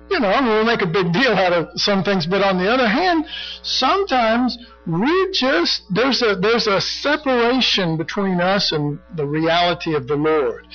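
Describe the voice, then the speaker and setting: High-voiced older man preaching casually. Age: middle-aged or older. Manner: rambling, full of "you know", clears his throat often. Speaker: Bible study teacher. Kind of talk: conversational sermon teaching. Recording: dull lo-fi recording.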